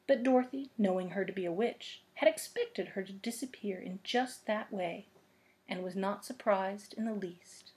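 A woman librarian reading a children's book aloud in a gentle, expressive storytelling manner. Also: medium pitch, moderate pace.

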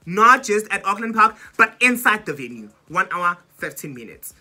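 A South African woman in her twenties tells a dramatic storytime for her vlog, sprinkling isiZulu words into her English. Her voice is very bright and sharp, and her pitch leaps up and down as she tells the story. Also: very animated, moderate pace. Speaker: YouTuber.

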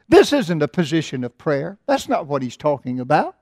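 A middle-aged man preaching a sermon in church, swelling loud and slow on scripture and dropping low for asides. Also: sing-song, no room sound, clean studio sound. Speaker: pastor. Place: church sanctuary.

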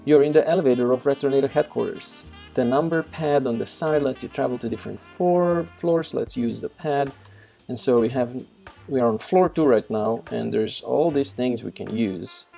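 A man's voice: medium pitch, moderate pace, creaky, dark tone, faint music behind. A man casually walking through a text adventure game, reading out its text and thinking aloud with many fillers and self-corrections. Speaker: game developer doing a walkthrough. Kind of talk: casual gameplay walkthrough.

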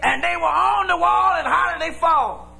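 A man preaching a sermon as pastor, shouting in a folksy preaching cadence. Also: very high voice, moderate pace, vocal fry. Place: church with congregation.

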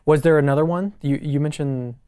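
A man's voice: fairly high pitch, fairly even intonation, a little fast, warm tone, clean tone, dry recording, clean studio sound. A man interviewing a guest, asking casual follow-up questions.

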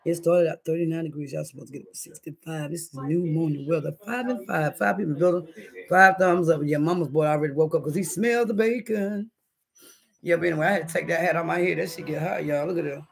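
A woman's voice: low-pitched, fast talker, vocal fry. A woman hosting a casual livestream from her home kitchen, chatting in slang with her viewers and reading the chat, her throat scratchy. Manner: chatty, slangy, keeps addressing viewers as y'all.

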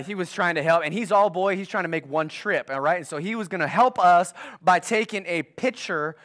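A man in his thirties preaching a sermon, telling a family story in a casual way and repeating phrases for emphasis, going from loud, animated bursts to hushed, near-whispered lines. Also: high voice. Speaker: pastor.

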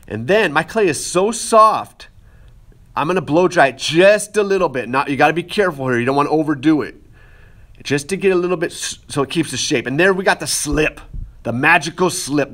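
A man's voice: a little high, a bit bright. A man teaching pottery, casually talking the viewer through each step of shaping clay, with playful asides to his students. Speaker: art teacher.

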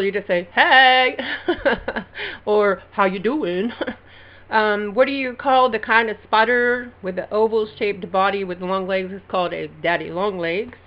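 A woman with an Alabama Southern accent reads a list of words for her vlog in a relaxed, giggly way. Her voice sits in a middle pitch. The home recording sounds somewhat dull and lo-fi. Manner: casual, giggly, reading words slowly. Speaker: vlogger. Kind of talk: casual word-list vlog.

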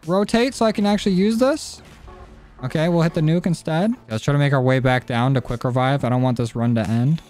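A young man talks through his game in a loose, joking way, swearing and getting excitable. His pitch sits in the middle of the male range. He speaks into a desk mic, with faint music running behind him. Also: fairly quick. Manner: jokey, cursing, excitable. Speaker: gaming YouTuber. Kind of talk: casual gameplay commentary.

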